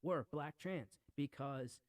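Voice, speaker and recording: A man's voice: a little high, takes it slowly, no echo. A man in casual podcast talk, rambling and emphatic, who keeps repeating himself and comes across earnest and brooding.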